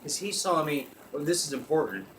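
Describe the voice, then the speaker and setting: A man hosting a talk show, telling a comic story in an animated way, often laughing as he talks and swearing freely. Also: on the high side, brisk, slight background noise. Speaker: podcast host. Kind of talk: comedic storytelling.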